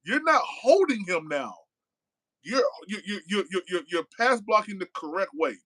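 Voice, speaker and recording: A man's voice: sits high, very animated, moderate pace, fairly bright tone, no echo, poor audio. A man hosting a casual live-stream podcast. He talks in a loose, slangy way, reads viewer comments aloud and tacks "man" onto his sentences. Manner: loose and conversational, reading chat aloud, slangy with frequent "man". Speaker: podcast host.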